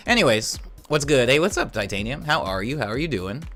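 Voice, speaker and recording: A man's voice: mid-range voice, big pitch swings, brisk, a bit bright. Male streamer at home, easygoing and rambling, chatting with viewers over faint music. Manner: laid-back, rambling, laughs easily, many fillers. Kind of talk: casual livestream chat reading viewer messages.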